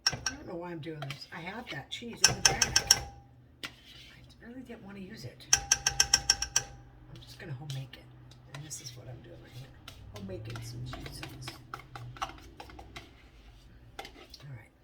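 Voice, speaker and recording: A woman's voice: low voice, animated, unhurried, long pauses. Chatty swearing woman cooking at home. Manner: chatty, blunt, swears casually, talks to herself while cooking. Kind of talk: casual kitchen chat. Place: home kitchen. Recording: distant mic with audible noise.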